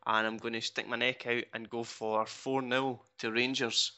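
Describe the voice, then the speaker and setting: This football podcast host keeps things casual, downplaying himself as he reads out a poem sent in by a fan. He speaks at a moderate pace with a medium pitch and level tone that comes across bright and pushed, though the lo-fi recording sounds dull.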